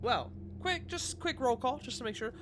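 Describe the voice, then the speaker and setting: Game master, chatty and expressive, bright voice, lively pitch. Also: normal speed, a little hiss or hum. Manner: animated, laughing storyteller. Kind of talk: casual chat while running a tabletop game.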